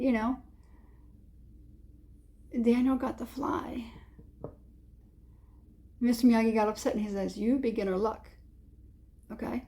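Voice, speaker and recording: A woman's voice: fairly high pitch, gravelly, dark tone. A woman giving a casual tarot reading, rambling and hesitant, with many fillers and frequent chuckles. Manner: chuckles often. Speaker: tarot reader.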